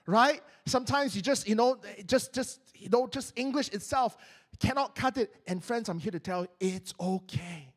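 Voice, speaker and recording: A Malaysian-accented pastor delivers a sermon from a church stage. His voice sits high for a man, and he talks in an animated way, often doubling up his words. He breaks into playful put-on prayer voices as he preaches. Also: normal speed. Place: church stage, live-streamed.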